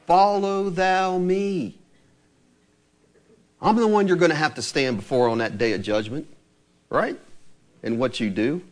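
A man preaching a sermon in a conversational way, slowing right down to stress scripture phrases and acting out the voices he quotes, with light laughs between points. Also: medium pitch, lively intonation.

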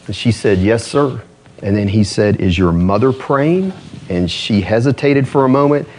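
Animated man preaching a sermon. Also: moderate pace, a little hiss or hum. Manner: animated preaching, rising high on emphasis, drops low to tell a story. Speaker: pastor.

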